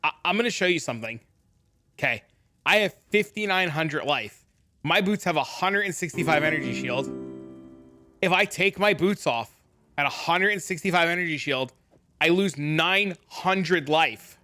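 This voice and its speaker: A man streaming a game, casually chatting, reading chat aloud, animated and swearing often. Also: a little high, moderate pace, faint music behind. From New Jersey.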